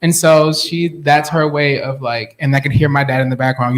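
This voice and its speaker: A man's voice: a little high, flat delivery, normal speed. A man in his thirties telling stories casually on a panel, chatty and laughing often. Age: 30s. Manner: chatty, laughs often, mimics family voices. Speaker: guest artist.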